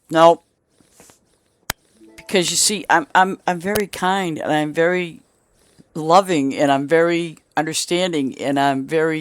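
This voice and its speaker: A woman's voice: deep voice, dry recording. A middle-aged woman streaming a game, chatting casually in a rambling way with many restarts and asides.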